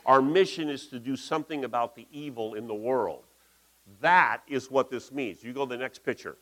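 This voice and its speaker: A man's voice: mid-range voice, moderate pace, a bit bright, poor audio. A man giving a conversational, folksy sermon in a church, talking through slides with asides. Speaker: pastor.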